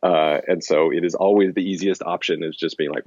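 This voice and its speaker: A man with a very deep voice speaks as an interview guest, loose and rambling, restarting sentences and leaning on fillers. The recording is dry and close, with a slightly muffled, lo-fi tone. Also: fairly even intonation, a little fast, darkish tone, no room sound. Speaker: interview guest, language-learning author. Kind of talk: casual conversational interview.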